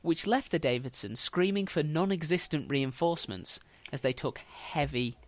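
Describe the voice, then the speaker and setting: A man's voice: a little high, expressive, moderate pace, no room sound. A man hosting a podcast, telling history as a casual story with dry, wry humour.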